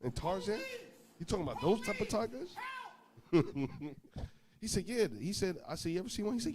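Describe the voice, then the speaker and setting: Man, high voice, animated storytelling, informal sermon, loud-soft swings. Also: normal speed, long pauses, crowd noise. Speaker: preacher.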